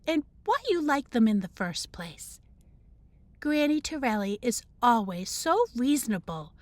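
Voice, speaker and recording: A woman, a teacher, reading the first chapter of a children's novel aloud in an expressive storybook manner. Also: on the high side, no echo.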